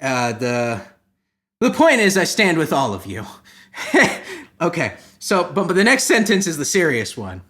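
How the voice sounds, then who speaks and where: A man hosting a comedy podcast, ranting satirically in a rambling, profane way that keeps jumping into loud mock outrage. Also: fairly high pitch, huge pitch swings, unhurried. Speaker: podcast host.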